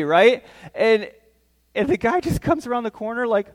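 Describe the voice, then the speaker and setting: A man's voice: very high voice, slow pace, long pauses. A man preaching a sermon, telling a family story with acted-out voices and questions to the congregation. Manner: animated, acts out voices, asks the room questions. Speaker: pastor.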